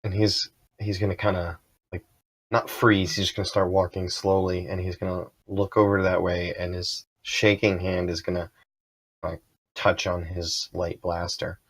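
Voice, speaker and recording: A man's voice: deep voice, little pitch movement, normal speed, breathy edge. A man playing in a tabletop game, describing his character's actions and asking curious, tentative questions. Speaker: player.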